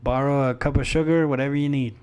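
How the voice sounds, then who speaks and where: A young man hosting a casual wrestling podcast, tired late at night, joking and relaxed in his banter. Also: mid-range voice, quick pace, smooth. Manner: joking, laid-back banter. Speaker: podcast host. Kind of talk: casual chat.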